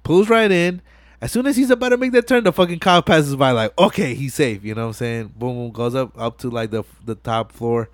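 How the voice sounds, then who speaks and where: Animated, swearing podcast host. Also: male voice, medium pitch, no echo. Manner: animated, profane storytelling with acted-out quotes. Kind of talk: casual chat.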